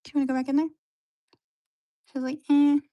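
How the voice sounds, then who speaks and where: A woman chatting casually on a livestream at home while showing her pets, soft-spoken, sighing often and slipping into whispers. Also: high-pitched, level tone, quick pace, no echo, muffled recording.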